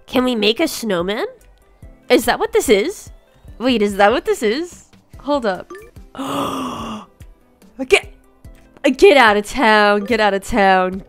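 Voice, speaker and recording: A woman giving excited first-reaction commentary on a game update, gasping, giggling and repeating herself. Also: mid-range voice. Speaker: gaming YouTuber. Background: faint background music.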